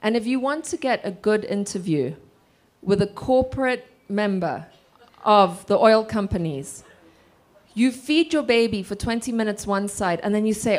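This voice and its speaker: A woman's voice: mid-range voice, animated, normal speed. Witty self-deprecating woman from Zimbabwe. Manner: humorous, self-deprecating storyteller. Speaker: author guest. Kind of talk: casual conversation with an audience.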